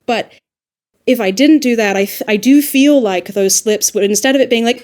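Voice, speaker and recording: An Australian woman, an audiobook narrator and dialect coach, chatting casually on a podcast with lively asides and quick self-corrections. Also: on the high side.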